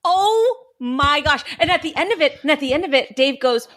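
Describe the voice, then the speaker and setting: A woman co-hosting a podcast, gushing and animated as she tells a story and swears freely. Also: high-pitched, moderate pace. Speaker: podcast co-host. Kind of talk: casual podcast chat.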